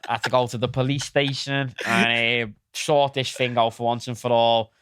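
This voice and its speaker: A young man with a smooth, clean voice tells a story in a laid-back, rambling way and pokes fun at himself along the way. He is close on a podcast mic with no room sound. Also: mid-range voice, flat delivery, moderate pace, a bit bright, dry recording. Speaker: podcast co-host. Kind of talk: casual chat, storytelling.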